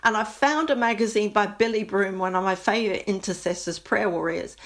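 A woman giving an earnest, impassioned Christian testimony, sometimes dropping to a soft near-whisper when moved. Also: mid-range voice, brisk. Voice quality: earnest, prayerful, rising to fervent intensity.

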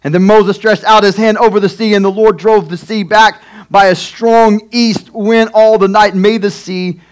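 A pastor reading scripture and preaching a sermon, emphatic and acting out the people in the story. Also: male voice, high voice, steady tone, moderate pace, clear, resonant tone. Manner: acts out characters in quotes, emphatic.

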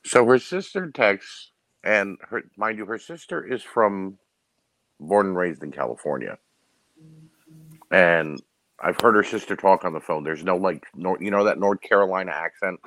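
A man on a podcast panel, chatting casually and telling animated stories, often giggling and imitating other people's voices. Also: low-pitched, moderate pace, no echo. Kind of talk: casual chat.

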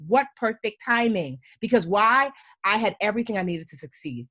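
A woman in her thirties, a podcast guest, tells her own story in a lively way, often saying "like" and "yo" and acting out what she said back then. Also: medium pitch, normal speed, no room sound. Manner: animated, says "like" and "yo" a lot, acts out her own past lines.

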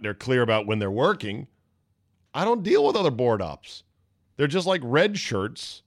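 A man hosting a sports talk show, delivering a blunt, sarcastic monologue and mocking people with quick put-on quotes. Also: on the low side, no echo, clean studio sound.

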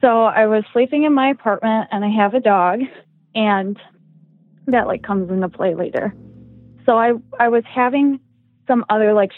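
With a medium-pitched voice, a young woman rambles through a personal story as a podcast guest, leaning heavily on "like" and "um" in casual chat. There's no echo, and the sound is tinny, dry, and phone-like.

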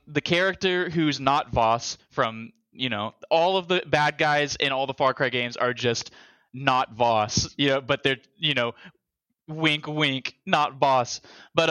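A man co-hosting a casual chat, telling rambling, animated stories and overthinking things aloud. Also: mid-range voice, smooth, no room sound.

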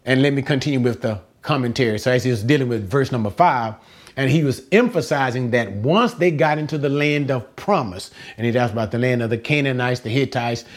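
A man's voice: mid-range voice, fairly quick. Man teaching a Bible lesson. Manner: asks rhetorical questions and answers them; repeats words for emphasis. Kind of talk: verse-by-verse Bible study lesson.

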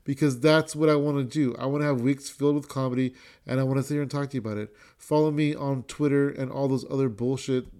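A middle-aged man hosting his own podcast, chatting casually and excitedly, rambling with many restarts and repeated words and some swearing. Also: medium pitch, fast. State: a bit winded. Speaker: podcast host. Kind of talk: casual solo podcast chat.

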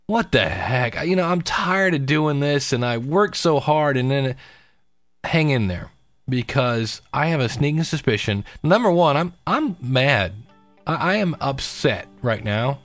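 A middle-aged man talks straight to camera in a loose, rambling vlog, restarting his sentences and turning his setbacks into a pep talk. His voice sits at an ordinary mid pitch, and faint music plays softly underneath. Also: no room sound. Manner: chatty, self-deprecating, pep-talk tone. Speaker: weight-loss vlogger. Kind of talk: casual personal vlog.

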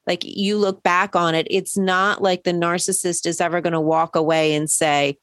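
A woman's voice: lowish voice, little pitch movement, moderate pace, fairly bright tone, no room sound. A woman hosting an interview, an attentive listener who affirms her guest. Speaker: podcast host.

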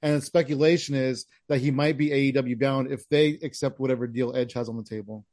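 A man's voice: mid-range voice, fairly even intonation, a little fast, a little mellow, no room sound, clean studio sound. A man in his forties hosting a podcast, talking in a laid-back, friendly way. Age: 40s. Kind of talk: casual podcast chat.

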